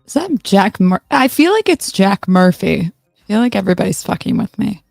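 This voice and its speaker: Gravelly-voiced woman reacting to a clip. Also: mid-range voice, very animated, normal speed, darkish tone, dry recording, clean studio sound, soft background music. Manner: distracted, swearing offhandedly while scrubbing a video. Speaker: reaction streamer. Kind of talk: casual live reaction commentary.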